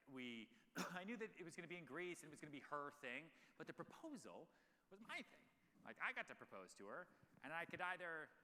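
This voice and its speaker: Animated man in a live hall. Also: mid-range voice. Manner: animated storytelling with many fillers. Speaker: guest speaker. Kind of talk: live on-stage Q&A. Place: large event hall.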